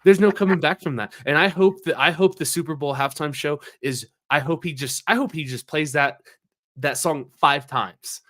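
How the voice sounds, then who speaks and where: A man's voice: fairly high pitch, moderate pace, fairly bright tone. A man co-hosting a podcast in casual banter, rambling and emphatic, swearing often. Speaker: podcast co-host.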